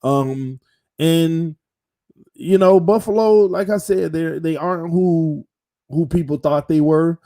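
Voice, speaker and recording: Taking it slowly, a man with a slightly high voice and dark tone runs his own football fan channel. He's casual yet animated and repeats phrases to stress them.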